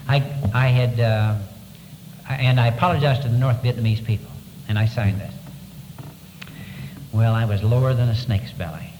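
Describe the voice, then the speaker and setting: Earnest man recounting an ordeal in a hall. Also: background noise. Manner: earnest, halting storytelling, voice dropping low on painful parts. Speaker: former prisoner of war giving testimony. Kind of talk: first-person testimony to an audience.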